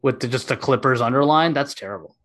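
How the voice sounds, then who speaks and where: A man's voice: mid-range voice, fast talker, a bit bright. A man hosting a casual podcast, emphatic and opinionated, repeating his points. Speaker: podcast host. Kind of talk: casual chat.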